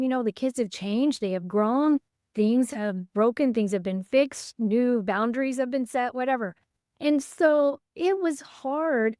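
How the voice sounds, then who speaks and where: A middle-aged woman hosting a podcast, her voice a bit high and recorded dry and close. She talks with her guest in an earnest, reflective way and shares her own stories. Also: a little mellow, dry recording. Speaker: podcast host. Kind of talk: conversational interview.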